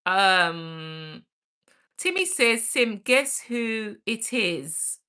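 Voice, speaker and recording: A woman's voice: medium pitch, animated, drawn-out words, sharp tone, clear, resonant tone. A middle-aged woman hosting a casual livestream, reading chat aloud, greeting viewers by name and laughing often. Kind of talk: casual live-stream chat.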